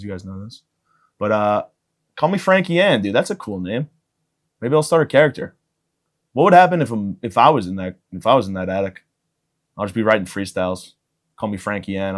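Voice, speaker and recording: A young man hosting a podcast, rambling through a crude comedic monologue with jokey asides and bursts of mock outrage. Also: fairly low pitch. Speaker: podcast host.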